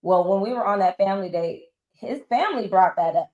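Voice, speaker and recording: Talking fairly quickly in a mid-range voice, this woman is heard in an echoey room with lo-fi sound. The reality show guest, in her forties, tells her story candidly and bluntly, leaning on casual slang. She acts out other people's lines in quotes with animated energy.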